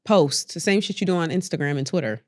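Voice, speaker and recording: A podcast crew member chiming into casual banter, quick and teasing, pushing back on the hosts. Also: mid-range voice, no room sound, clean studio sound. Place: podcast studio.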